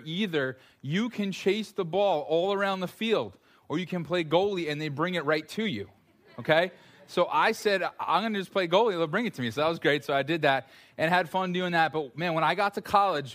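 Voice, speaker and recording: A man's voice: a little high, brisk, fairly bright tone. A man preaching a sermon to a congregation, telling stories with self-deprecating jokes. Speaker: pastor.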